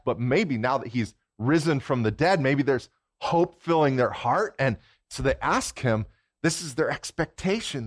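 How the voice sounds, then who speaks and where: A man giving a sermon as guest preacher in a church, talking in a relaxed, conversational way and putting questions to the congregation. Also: medium pitch, dry recording, clean studio sound.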